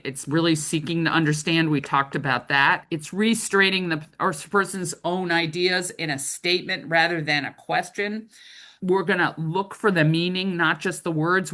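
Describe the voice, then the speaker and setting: A woman's voice: on the low side, a bit bright. A middle-aged woman trainer giving a conversational training lecture, often checking in with "right?".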